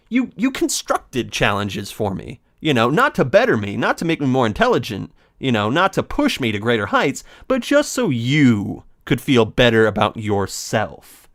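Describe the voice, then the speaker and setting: A man's voice: mid-range voice, fairly bright tone, no echo, studio quality. A man doing let's play commentary, rambling in a theatrical, mock-dramatic way.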